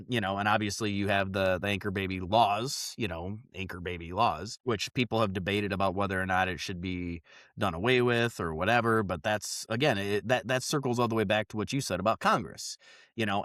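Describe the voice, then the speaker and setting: A man hosting a podcast, telling a story in a casual chat, animated and full of fillers and restarts. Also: on the low side, dry recording, studio quality. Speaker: podcast host.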